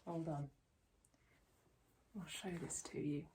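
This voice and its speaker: A woman's voice: low-pitched, steady tone, takes it slowly, mellow, a little hiss or hum. A woman hosting a knitting podcast, talking casually to the camera in a rambling, self-deprecating way with many restarts.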